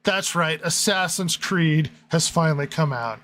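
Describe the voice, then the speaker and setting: Man, podcast host, sarcastic, fairly high voice, faint background noise. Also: unhurried, bright, forceful tone. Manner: sarcastic, reads listener comments and reviews aloud. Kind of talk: casual chat.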